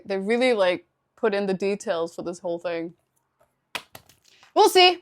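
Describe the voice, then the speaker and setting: A woman's voice: mid-range voice, animated, normal speed, long pauses. A young woman live streaming, chatting casually with her viewers, laughing often and thanking them for subscriptions.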